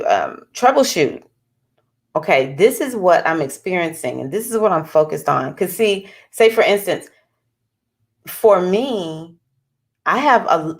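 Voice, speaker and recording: A woman astrologer chats straight to her viewers in an animated way, with sudden bursts of excitement. Her speaking voice sits a little lower than most women's. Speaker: astrologer giving readings. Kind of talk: casual talking-head vlog.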